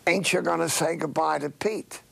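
A man's voice: high-pitched, a little fast, vocal fry, husky, pitched above the performer's own voice, heavily acted. A man doing a blunt old immigrant tailor. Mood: teasing, exasperated. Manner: old-fashioned, teasing and exasperated.

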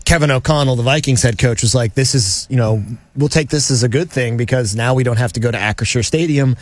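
A man co-hosting sports radio, chatting casually with playful, drawn-out emphasis. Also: medium pitch, no room sound.

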